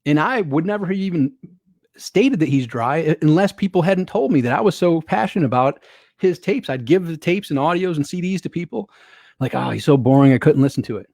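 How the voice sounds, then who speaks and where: A man's voice: a little high, moderate pace, dry recording. Upbeat man coaching, dry close sound. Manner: energetic, repetitive, conversational with rhetorical questions. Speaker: online business coach. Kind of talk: motivational webinar talk.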